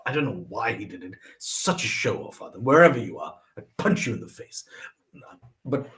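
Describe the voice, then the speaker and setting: Young man, lively storyteller, wide pitch swings, acts out quoted voices. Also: normal speed. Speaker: vlogger sharing lessons from his mother. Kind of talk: personal storytelling monologue.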